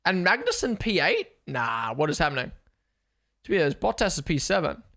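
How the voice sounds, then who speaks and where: A young man hosting a live race watchalong stream, chatting casually, excitable and swearing as he thinks aloud. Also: a little high, brisk, creaky.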